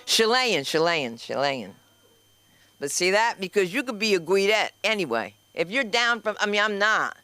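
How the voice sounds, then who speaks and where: A woman's voice: medium pitch, lively intonation, normal speed, few pauses, sharp tone. A woman from New Jersey with a New Jersey accent, the school's owner, hosting a stand-up show in a brash, profane, rambling way. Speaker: comedy school owner and host. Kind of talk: stand-up comedy. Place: comedy club stage.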